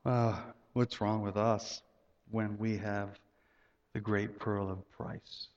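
A man preaching a sermon as pastor, conversational, repeating words, with sudden rises in pitch. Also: level tone, slow, a little mellow. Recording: muffled sound with long hall reverb.

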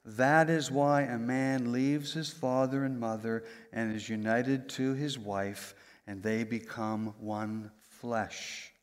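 A man preaching a sermon, his voice rising high and loud for emphasis and then dropping low and soft. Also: slow, smooth. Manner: animated preaching, voice rising and falling sharply for emphasis. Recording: long reverb of a large hall.

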